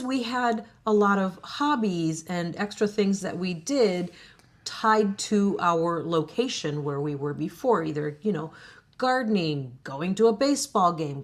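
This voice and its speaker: A woman co-hosting a travel vlog, chatting casually to the camera and laughing often between her phrases. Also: mid-range voice. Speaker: co-host of a retirement travel channel.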